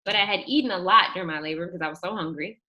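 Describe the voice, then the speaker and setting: Bright-voiced woman telling a lively story. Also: rapid-fire. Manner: acts out the quotes, shrieking at the high points. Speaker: guest telling her birth story. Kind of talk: animated storytelling.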